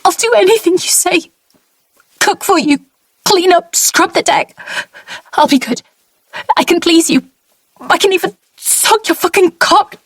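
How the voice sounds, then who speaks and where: A frantic young woman captive, voiced high and pleading, as a male narrator puts her on. Her words tumble out fast and desperate in a dry, close recording. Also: very animated, fairly bright tone, no echo, exaggerated voice. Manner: pleading, frantic, then bitter. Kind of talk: audiobook character voice.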